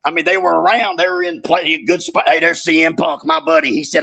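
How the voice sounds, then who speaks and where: A man's voice: fairly high pitch, lively intonation, a little fast, vocal fry, a bit bright, husky. A middle-aged man telling rowdy, profane stories in casual chat, laughing often. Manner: profane, laughing, rambling storyteller. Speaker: guest, former wrestler.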